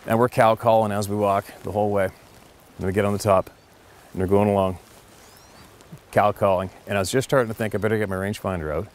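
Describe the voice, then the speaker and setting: A middle-aged man with a slightly low voice tells a story in a loose, casual way. He is an experienced hunting guide who rambles, circles back and repeats himself, and his voice is animated throughout. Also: fast talker, pauses often.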